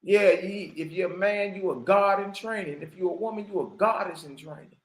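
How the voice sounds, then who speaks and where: A man's voice: high-pitched, normal speed, reverberant. A man giving casual commentary that turns into preaching, speaking in slang and firing off emphatic rhetorical questions. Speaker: online commentator and religious teacher.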